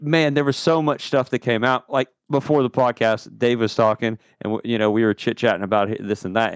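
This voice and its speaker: A man's voice: fairly low pitch, no echo. A man co-hosting a casual motorsport podcast, rambling with lots of fillers and dry jokes. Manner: rambling, filler-heavy, joking. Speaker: podcast co-host.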